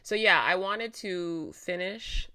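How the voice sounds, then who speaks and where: A woman hosts her own reaction video, chatting into her microphone in a loose, unscripted way. She is animated and talkative, leans on fillers like "like" and "right?", laughs easily and swears casually as she works through her thoughts. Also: fairly low pitch, slow. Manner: laughs often while talking.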